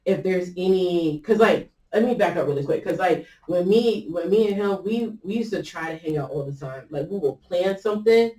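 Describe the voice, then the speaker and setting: A woman's voice: fairly low pitch, moderate pace, hardly any pauses, mellow. A woman host telling a personal story in a casual, rambling way, with many fillers and restarts as she quotes what others said. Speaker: podcast host. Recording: roomy echo, mic at a distance.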